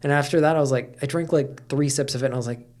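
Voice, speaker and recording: A man's voice: mid-range voice, fairly even intonation, quick pace, darkish tone. A middle-aged man talking candidly as a podcast guest, with lots of fillers and casual swearing. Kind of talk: casual conversation.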